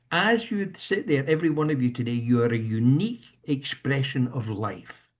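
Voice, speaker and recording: A man's voice: mid-range voice, a little mellow. A man in his seventies giving an earnest motivational talk on a video call, repeating his key points for emphasis. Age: 70s. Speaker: speaker leading a leadership session.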